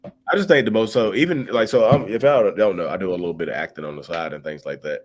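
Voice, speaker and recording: Co-hosting a live stream, this deep-voiced man talks fast in a casual, animated way, reading viewer comments aloud. He often repeats words while searching for them, with soft music playing in the background.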